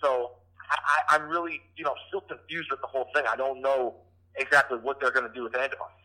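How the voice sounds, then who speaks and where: Bright-voiced man, casual podcast guest. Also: mid-range voice, steady tone, fast, low-quality recording. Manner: hesitant, restarts often, stats-heavy.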